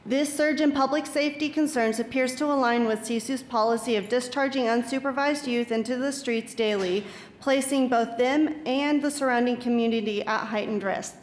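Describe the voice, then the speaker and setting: Woman reading her written statement at city council, kinda high voice, formal, echoey room. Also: steady tone, slight background noise. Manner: measured, formal, reads with small stumbles. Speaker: public commenter.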